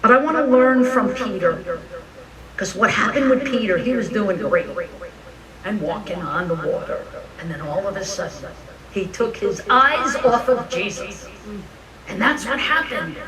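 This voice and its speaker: Animated preacher, distant mic, crowd noise. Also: medium pitch, a little slow. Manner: animated storytelling, frank and joking. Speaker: minister. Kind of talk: conversational sermon. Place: church or spiritual center, live service.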